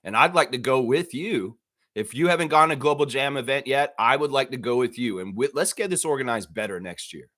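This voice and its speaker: Excitable, animated man hosting a livestream. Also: mid-range voice, fairly quick. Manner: excitable, swears, acts out bits of dialogue. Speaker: host of a daily fan livestream. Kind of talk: casual livestream chat.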